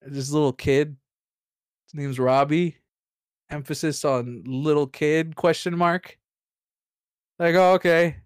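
A man's voice: a little high, steady tone, takes it slowly, pauses often, clean tone, dry recording, clean studio sound. A man casually recapping a tabletop game session, rambling and profane, full of restarts and laughter. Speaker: player recapping last session.

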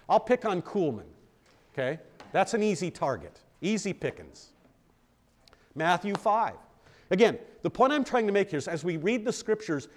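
A man, a pastor, teaching a Bible study in a conversational way, often checking in with the group and poking fun at himself. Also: high voice. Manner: self-deprecating humor.

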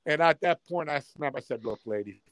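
A man, a comedian guest, telling a story in casual chat, acting out the quotes and building loudly to punchlines. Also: on the high side, lively intonation, fairly quick, dry recording.

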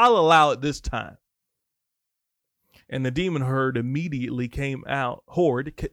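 A man teaching the Bible on a podcast in sermon style, reading scripture and breaking off into lively, casual asides. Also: medium pitch, dry recording, clean studio sound.

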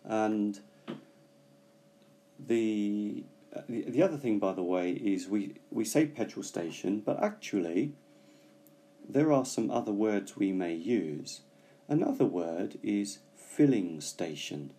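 A man teaching English vocabulary, explaining slowly and carefully with frequent pauses. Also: lowish voice, animated, dark tone. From Britain. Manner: slow, careful explanations with hesitations. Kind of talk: bilingual language lesson.

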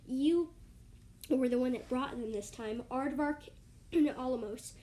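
A bossy male dragon guard giving orders to his fellow guards, as a woman reads his lines. The voice sits fairly high. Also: unhurried, mellow. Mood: demanding.

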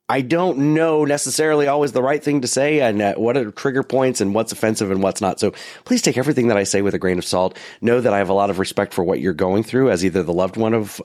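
A man's voice: on the low side, darkish tone, no echo, clean studio sound. A man co-hosting a podcast in casual chat, joking and poking fun at himself. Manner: joking, self-deprecating banter with many restarts. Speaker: podcast co-host.

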